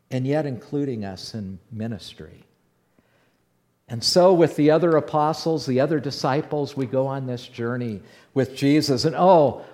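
A man voicing the apostle Peter, a bold and outspoken fisherman, recounting what he witnessed in a first-person dramatic monologue. His voice sits a little high for a man. The telling is animated, dropping to near-whispers and then rising loud again. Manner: animated storyteller, swinging between hushed and loud. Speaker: preacher in character.

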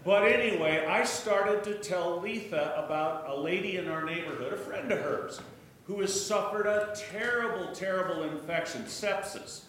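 Man, church testimony, animated storyteller, boomy hall echo, faint hiss. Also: moderate pace. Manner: storytelling, animated, joking asides. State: hard of hearing. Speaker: church speaker sharing a testimony. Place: church sanctuary. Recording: echoey church room, distant mic.

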